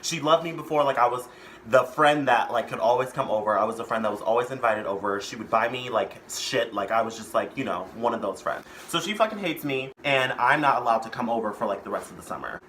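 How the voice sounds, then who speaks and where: A man's voice: mid-range voice, expressive, brisk, a bit bright, slight background noise. A young man telling a storytime vlog in a casual, profane, rambling way. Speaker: vlogger.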